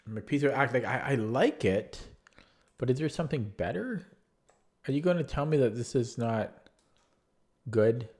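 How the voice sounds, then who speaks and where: A young man streaming chess, thinking his moves out loud, repeating words as he calculates and chatting back to his viewers. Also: medium pitch, expressive, normal speed, long pauses. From Canada. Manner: chatty replies to viewer chat. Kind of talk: live-stream chess commentary, thinking aloud.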